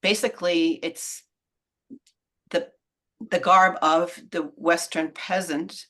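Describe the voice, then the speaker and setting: Low-voiced woman author explaining history. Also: steady tone, takes it slowly, a bit bright. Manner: thoughtful, explanatory, trails off mid-sentence. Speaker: author and guest. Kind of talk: conversational interview on a video call. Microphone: video call.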